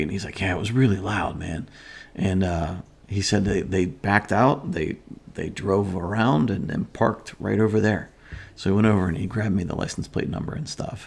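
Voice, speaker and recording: A man's voice: low voice, vocal fry. A middle-aged man hosting a casual morning chat, telling a rambling story with lots of fillers and restarts. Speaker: host.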